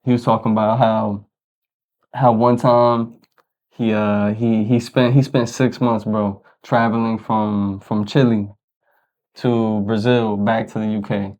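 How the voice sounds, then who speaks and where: A man with a low, fairly flat voice spins a loose, slangy story and keeps checking in with his listener. The sound is a bit dull and lo-fi. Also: slow pace. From United States. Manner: rambling, slangy, lots of "you know what I'm saying". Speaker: podcast co-host. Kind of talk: casual storytelling chat.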